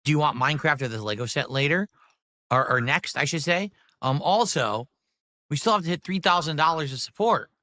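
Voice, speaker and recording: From a close desk mic in his office, a man livestreams casually, chatting with viewers between bites and teasing them with mock outrage. His voice is on the high side, animated and fairly quick, with a bright, forceful tone. The studio sound is clean, with no room sound.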